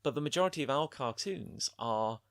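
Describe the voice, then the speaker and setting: Animated, bright-voiced male co-host. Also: medium pitch, fairly quick, vocal fry, dry recording, clean studio sound. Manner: animated, searching for words with repeated restarts. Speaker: podcast co-host. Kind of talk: casual chat reviewing an anime episode.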